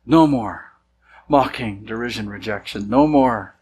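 A man's voice: lowish voice, unhurried, a little mellow, slight background noise, poor audio. A man, a senior church leader, preaching a sermon in a casual, conversational way, sometimes acting out the voices of people he quotes. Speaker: pastor.

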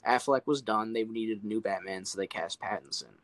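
A young man co-hosting a casual podcast, talking in an animated way, swearing freely and saying "like" a lot. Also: fairly low pitch, a little fast, dry recording, low-quality recording. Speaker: podcast co-host. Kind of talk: casual chat.

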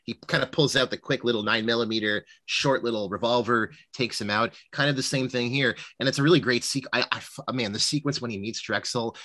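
A man co-hosting a podcast, chatting casually about a movie, swearing freely and animated. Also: mid-range voice, brisk, hardly any pauses, no echo. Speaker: podcast co-host.

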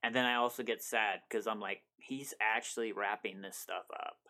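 Excitable, laughing podcast man. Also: lowish voice, moderate pace. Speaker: podcast co-host. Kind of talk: casual podcast chat.

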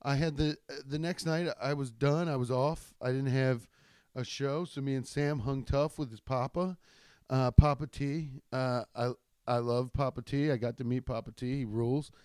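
A man's voice: mid-range voice, fairly even intonation, normal speed, a little mellow, clear, resonant tone, no room sound, clean studio sound. A man, a stand-up comedian, telling rambling, profane stories in a casual chat with many restarts. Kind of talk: casual storytelling podcast.

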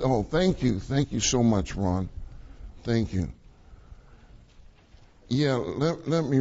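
A man's voice: medium pitch, darkish tone, lo-fi sound. A man preaching a sermon in a conversational way, often repeating his key phrases for emphasis.

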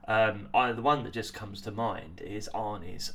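A man giving a drama lesson, talking haltingly with many ums and restarts. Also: fairly low pitch, a bit bright. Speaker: acting teacher.

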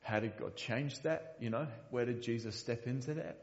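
A man's voice: mid-range voice, normal speed, long reverb tail, highs cut off. A man preaching a sermon in a church, speaking earnestly and often repeating the first word of a sentence. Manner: earnest, repeats words when starting sentences. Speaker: pastor.

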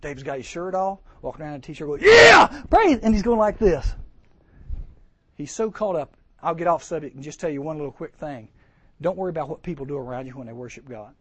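Lively high-voiced preacher man. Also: fast talker, slightly rough. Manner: lively, acts out voices, jokes, rhetorical questions. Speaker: camp speaker. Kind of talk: sermon to teens.

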